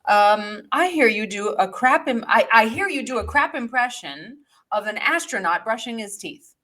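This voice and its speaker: A woman hosts a relaxed conversation, and her pitch rises and falls a great deal. She often hesitates, with ums and restarts. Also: moderate pace. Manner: hesitant with many fillers. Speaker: host. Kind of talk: casual conversation.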